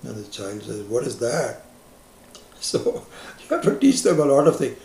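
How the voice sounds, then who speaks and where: A man giving a slow, reflective spiritual lecture as a teacher, stressing key words with rising emphasis. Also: mid-range voice, wildly swooping pitch, gravelly, a little mellow. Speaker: Vedanta teacher. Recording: echoey lecture room.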